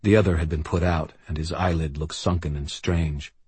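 A man reading a first-person audiobook in a grim, steady way. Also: rumbling low, normal speed, husky, no room sound. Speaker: audiobook narrator.

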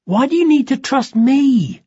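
A man's voice: on the high side, sing-song, slow, slightly rough, no echo, heavily acted. A man voicing a strained, pleading young man dangling from a cliff, on slightly muffled audio. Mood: desperate.

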